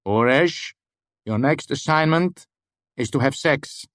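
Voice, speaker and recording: A man voicing an eccentric, playful male university master who is loud and dismissive, in an audiobook. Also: medium pitch, slow, no room sound, studio quality, pitched above the performer's own voice. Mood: amused.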